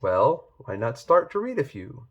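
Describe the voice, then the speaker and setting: A man's voice: medium pitch, wildly swooping pitch, highs cut off. A man reading a rhyming children's picture book aloud. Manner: slow, rhyming storybook reading. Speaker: reader.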